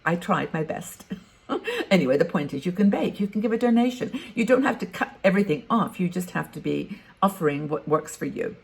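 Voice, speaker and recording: This woman in her sixties has a lowish, gravelly yet slightly mellow voice, and she talks expressively and a little fast. In her casual vlog for retired women, she gives advice frankly and conversationally, thinking aloud.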